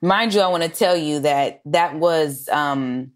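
A low-pitched woman from Los Angeles, a comedian talking in a relaxed interview. She tells her stories with lively energy, swears freely, and slips into acted-out quotes of other people. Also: unhurried. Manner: animated storyteller, swears freely, acts out quotes. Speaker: comedian and writer, guest. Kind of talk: casual interview storytelling.

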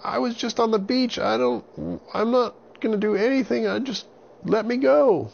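A man's voice: normal speed, creaky, darkish tone, exaggerated voice. Avon, a panicky young boy, as a man puts him on. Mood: pleading. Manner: high, pleading and panicky. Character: frightened young boy pleading with pirates. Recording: dull lo-fi recording with faint hiss.

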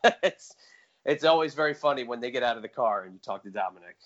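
A man's voice: mid-range voice, lively intonation, fast, a bit bright. Man rambling on a podcast. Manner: long rambling explanations. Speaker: podcast guest. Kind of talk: casual podcast chat. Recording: dull lo-fi sound.

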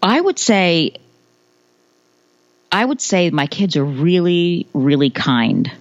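A woman's voice: lowish voice, sing-song, takes it slowly, dry recording, poor audio. A woman in her thirties from the United States, a podcast guest chatting about motherhood, laughing often and restarting her phrases. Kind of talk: casual interview answers.

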